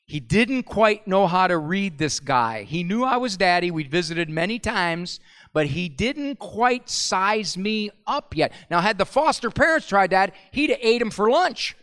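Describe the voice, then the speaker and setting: Casual: middle-aged guy giving a talk, animated and storytelling, voice ringing around a big hall. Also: high-pitched, unhurried, clear, resonant tone. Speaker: speaker at a parenting talk. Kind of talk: humorous live talk. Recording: long hall reverb.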